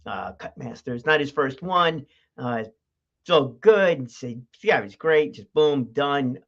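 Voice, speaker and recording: A new guy hosts a livestream from home, loose and rambling, chatting casually with lots of laughter, fillers and restarts. His medium-pitched voice is lively in intonation and a little slow, and the stream audio is dull and muffled lo-fi.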